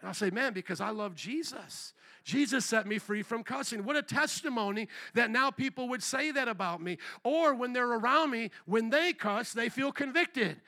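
A man preaching a sermon as pastor, telling stories with animated, acted-out quotes to his congregation in a church. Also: extremely high pitch, normal speed. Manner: animated storytelling, acts out quoted voices. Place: church sanctuary.

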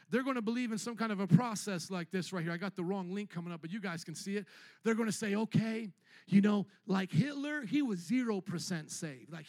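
A pastor delivers an animated sermon, his voice sitting unusually high for a man. He mimics members of his congregation and builds to ringing shouts. The sound is close and dry, with almost no room echo. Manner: animated preaching, acting out church members in put-on voices, shouting at peaks. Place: church.

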